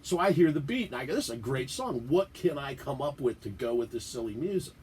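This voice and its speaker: A man's voice: mid-range voice, brisk, a little hiss or hum. A middle-aged man from the Washington DC area, telling stories as a guest in a casual radio interview, laughing and acting out quotes. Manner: animated, laughing storyteller who acts out quotes. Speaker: podcast guest. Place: radio studio.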